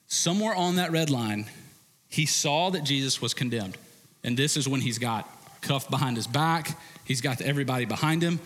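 Man preaching in an echoing hall. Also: a little high. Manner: animated, conversational, with frequent restarts. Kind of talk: sermon. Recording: reverberant hall.

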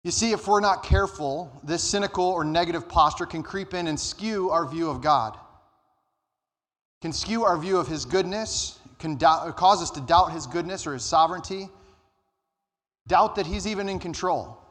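A man preaching a sermon as pastor, earnest, rising and slowing down to stress his points. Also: a bit bright. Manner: earnest, rises in pitch and slows down for emphasis. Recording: church hall reverb.

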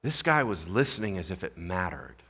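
Pastor guy preaching, lively and jokey, bright voice that swings all over. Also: deep voice, normal speed, vocal fry, slightly rough. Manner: animated, jokey, acts out voices of people in the story. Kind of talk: sermon.

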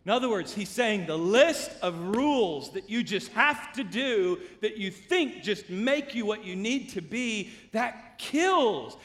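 Animated high-voiced male pastor preaching. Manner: animated storytelling with big volume swings. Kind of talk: sermon. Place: church sanctuary. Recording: long church hall reverb.

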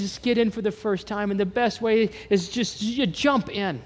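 A man's voice: sits high, steady tone, moderate pace, in a large hall. A man preaching a sermon as pastor, telling stories animatedly and acting out the dialogue.

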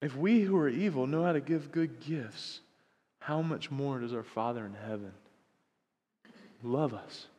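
Earnest pastor guy preaching, goes big and loud then real quiet, long echo around him. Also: medium pitch, a little slow, pauses often. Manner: earnest, swings from loud emphatic to soft and hushed. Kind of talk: sermon. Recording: long hall reverb.

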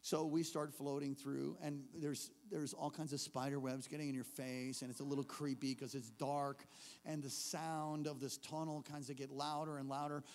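Animated high-voiced preacher in a reverberant church. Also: male voice, moderate pace. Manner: animated, building from hushed to shouting. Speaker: pastor. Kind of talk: storytelling sermon. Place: church service.

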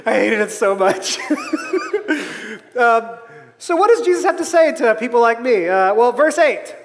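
A man with a very high voice delivers a sermon, joking at his own expense and often breaking into laughter. His voice rings with a long reverb, as if he is in a large hall. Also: big pitch swings, moderate pace, fairly bright tone. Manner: humorous, self-deprecating, laughs often. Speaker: preacher.

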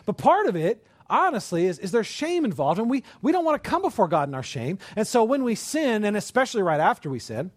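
High-voiced man preaching a sermon. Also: big pitch swings, brisk, hardly any pauses, no echo. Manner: conversational, with frequent rhetorical questions.

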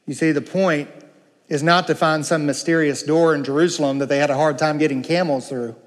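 A man preaching a sermon, emphatic, moving between slow, low passages and raised, urgent ones. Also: fairly even intonation, in a large hall.

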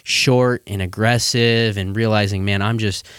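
A man with a fairly low voice talks earnestly as a podcast guest, leaning on "you know" as he goes. The recording is dry and close, with no room sound. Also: steady tone, a little slow, fairly bright tone, clear, resonant tone, dry recording. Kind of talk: casual chat.

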